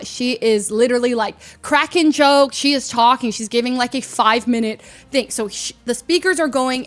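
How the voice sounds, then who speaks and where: A young woman streamer telling a story in casual chat, animated, laughing often and loudly mimicking the people in it. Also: fairly high pitch, moderate pace, hardly any pauses.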